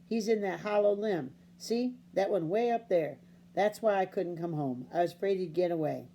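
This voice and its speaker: A woman's voice: fairly low pitch, moderate pace, warm tone, a little hiss or hum, natural voice. A woman voicing a determined young country boy in a storybook reading, speaking earnestly. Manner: earnest and pleading.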